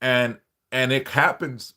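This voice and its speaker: A man's voice: medium pitch, fairly even intonation, takes it slowly, pushed and bright. A man hosting a live stream, lecturing bluntly and profanely, driving his points home with repetition and rhetorical questions. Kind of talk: unscripted live-stream monologue.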